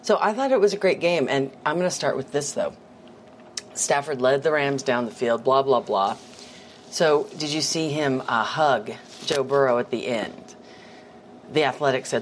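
A woman's voice: extremely low pitch, moderate pace, a little hiss or hum. A young woman hosting a sports podcast, chatting casually and laughing often. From Spokane area, US.

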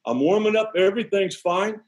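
A man who was a pitcher, telling lively stories on a sports show and acting out other people's lines. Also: a little fast, slightly rough, poor audio. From Connecticut, USA. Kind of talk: animated storytelling on a sports show.

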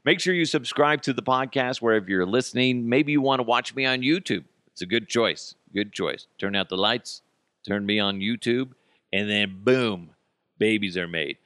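A man hosting his own podcast, ranting in a casual, sarcastic and profane way with sudden yelled outbursts. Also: lowish voice, moderate pace, smooth, dry recording, studio quality. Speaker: podcast host. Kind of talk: casual comedic rant.

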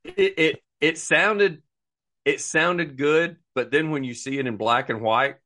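A man's voice: fairly high pitch, measured pace. A man co-hosting a casual podcast, telling stories and acting out quotes. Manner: animated storytelling, acts out quotes. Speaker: podcast co-host. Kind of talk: casual chat about golf.

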